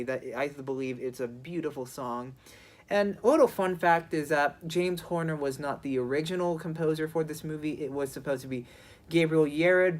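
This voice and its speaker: Hesitant, rambling film reviewer. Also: mid-range voice. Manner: hesitant, with many restarts and "you know" fillers. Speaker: movie reviewer. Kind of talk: casual spoken movie review.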